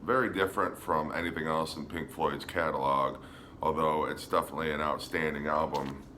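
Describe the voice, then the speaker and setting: A man casually showing his record collection on a vlog, relaxed and hesitant, with frequent ums. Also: a bass voice, a little fast, slight background noise. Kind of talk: casual show-and-tell vlog.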